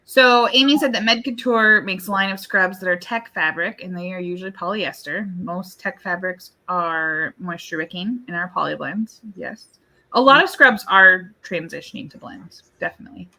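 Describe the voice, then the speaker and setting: A woman co-host relays viewer comments and tips during a casual live chat. Her voice is bright and forceful, and her delivery is matter-of-fact and informative. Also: fairly low pitch, moderate pace.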